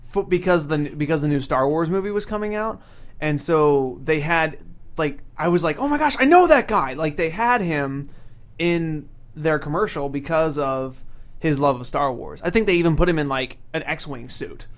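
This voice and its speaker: Chatty young man, slightly high voice. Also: moderate pace. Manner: chatty, hesitant, with many fillers and restarts. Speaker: podcast co-host. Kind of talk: casual chat.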